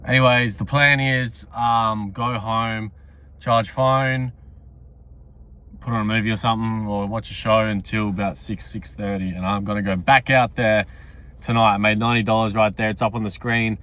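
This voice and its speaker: A fairly low, sharp voice with a steady tone and moderate pace carries this casual vlog. The young man speaks bluntly to camera, curses freely, and is at times out of breath.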